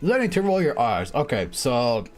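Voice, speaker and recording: A man's voice: medium pitch, very animated, normal speed. Joking young man streaming over music. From Mexico. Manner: joking, self-mocking, laughs often. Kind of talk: casual stream chat. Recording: music playing behind.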